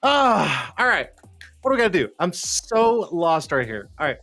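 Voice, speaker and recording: A slightly high-voiced man hosting a live stream, rambling freely and swearing as he goes. He sounds a bit out of breath. Faint background music plays under his voice. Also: very animated, normal speed, pushed and bright, no room sound. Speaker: livestream show host. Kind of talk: casual live-stream chat.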